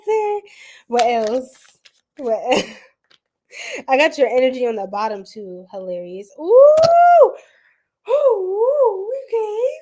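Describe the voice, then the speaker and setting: A bubbly woman reading tarot on a live stream, her voice sitting a little high. She takes her time, drawing words out at an unhurried pace, and breaks into giggles between slangy asides to her chat. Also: warm tone, slight background noise. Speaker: tarot reader.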